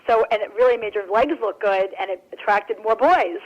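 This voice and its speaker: A woman's voice: mid-range voice, fairly quick, dull audio. A woman guest on a radio interview, talking in a bubbly, rambling way with lots of fillers. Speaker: author and guest. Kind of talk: casual radio interview chat.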